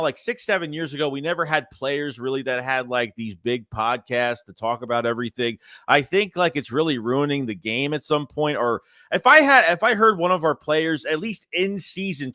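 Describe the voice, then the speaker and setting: A man's voice: on the high side, dry recording, clean studio sound. Stuffy-nosed man rambling through chat. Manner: rambling, animated, reads chat aloud. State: stuffy nose. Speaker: sports livestream host. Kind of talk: casual live-chat commentary.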